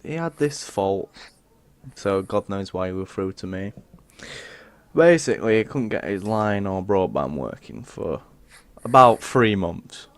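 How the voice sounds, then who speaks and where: A man's voice: fairly low pitch, animated, unhurried, no echo. A man co-hosting a podcast, telling rambling, grumbling stories in a casual chat. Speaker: podcast co-host.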